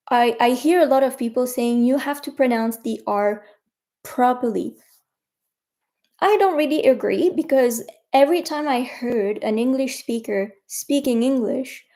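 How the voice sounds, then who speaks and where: Slow, mellow-voiced French-accented woman. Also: on the high side. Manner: chatty, encouraging, addresses viewers directly. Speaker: French teacher and coach. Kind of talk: casual livestream teaching.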